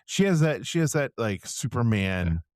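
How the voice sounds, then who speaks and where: A man's voice: medium pitch, sing-song, moderate pace, darkish tone, dry recording. A man co-hosting a podcast, chatting casually and hesitantly, circling back on himself mid-thought. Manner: hesitant, many fillers and restarts. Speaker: podcast co-host. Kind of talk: casual chat.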